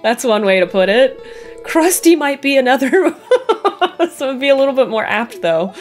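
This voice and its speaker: A woman giving casual let's-play commentary, giggly and excitable, peppering her talk with "like". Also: high voice, moderate pace, faint music behind. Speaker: gaming video host.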